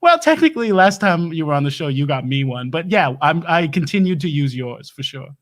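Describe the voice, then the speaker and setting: A man's voice: fairly high pitch, big pitch swings, brisk. A man playing a flustered doomsday prepper. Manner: stammering, flustered, backpedalling. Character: doomsday prep lecturer, bumbling Southern American husband. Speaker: host. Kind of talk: improv comedy livestream.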